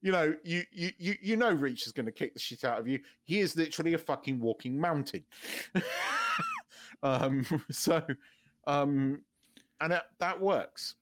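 A man's voice: a little high, animated, a little slow. A man co-hosting a podcast in casual chat, rambling and swearing freely, stumbling over restarts and laughing often. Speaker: podcast co-host.

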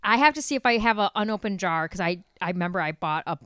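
A woman's voice: medium pitch, lively intonation, quick pace, a bit bright, smooth, no echo, studio quality. A woman chatting animatedly on a podcast, swearing casually and piling on "like" fillers. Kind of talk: casual chat.

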